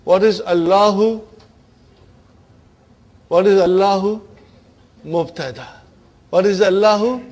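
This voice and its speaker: A man's voice: high voice, slow pace, pauses often, darkish tone. A man teaching an Arabic grammar class, quizzing his students with repeated questions.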